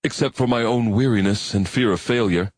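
A weary, anxious man in a storybook, his worried words a little higher than the narrator's deep voice, as a man reads him. The tone is husky and dry. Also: brisk, darkish tone, no room sound, natural voice. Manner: worried, pleading.

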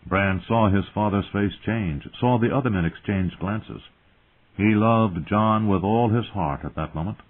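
A man's voice: on the low side, unhurried. A man narrating a story expressively as an audiobook reader. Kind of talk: scripted narration. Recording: tinny phone-like sound.

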